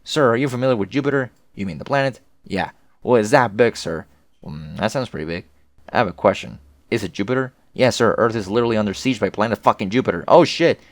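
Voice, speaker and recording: A man reading as a snarky deadpan teen boy. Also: fairly low pitch, fast talker, no echo. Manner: sardonic, rambling, crude. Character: snarky deadpan teenage boy chatting online.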